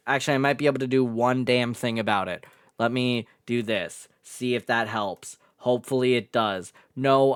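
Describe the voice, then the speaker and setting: A man's voice: mid-range voice, a bit bright, clear, resonant tone, no room sound, studio quality. A man streaming a game live, chatting casually and swearing a bit, with faint game music behind. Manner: chatty, self-deprecating, swears.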